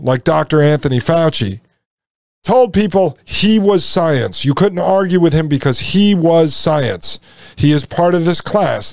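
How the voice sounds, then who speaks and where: Male solo show host, insistent and repetitive, somewhat high pitch, dead-dry mic. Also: a little mellow, no room sound. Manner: emphatic, repetitive, addresses listeners as folks. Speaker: podcast host.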